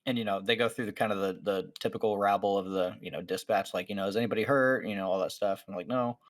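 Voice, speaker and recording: A man's voice: deep voice, steady tone, quick pace. A man on a podcast telling a story in casual chat, acting out what each person said, with many fillers. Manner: acts out the people in his story, many fillers. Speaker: podcast host.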